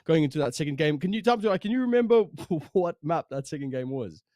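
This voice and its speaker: A man's voice: fairly high pitch, animated, fairly quick, darkish tone, no echo, clean studio sound. A man from South Africa with a South African accent, casting esports in chatty, laughing banter between games. His first language is Afrikaans. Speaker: esports caster. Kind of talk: casual chat between games.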